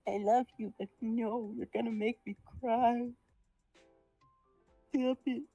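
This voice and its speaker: A woman's voice: a little high, fairly even intonation, slow pace, gravelly, mellow, husky, no room sound, muffled recording, soft background music. A young woman chatting casually during a drawing stream, talking to her cat in a sing-song voice and a little short of breath as she recovers. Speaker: artist streaming a drawing session. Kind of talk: casual chat.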